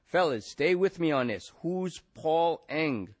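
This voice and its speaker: A man voicing a male police detective who talks slow, loud and flat. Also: a little high, voice pushed up. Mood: blunt.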